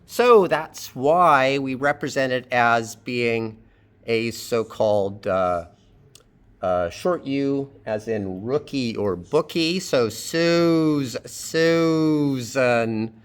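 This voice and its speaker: Slow, patient male phonetics teacher. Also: mid-range voice, fairly bright tone. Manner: patient, explanatory, thinking aloud with fillers. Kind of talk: phonetics lecture.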